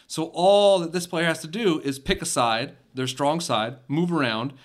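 A man's voice: fairly high pitch, moderate pace. A man hosting a casual chat, explaining step by step and repeating himself.

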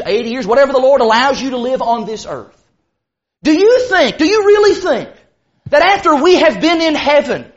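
A man preaching a sermon to a church assembly, emphatic and full of dramatic pauses and stressed words. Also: extremely high pitch, a bit bright, dull audio.

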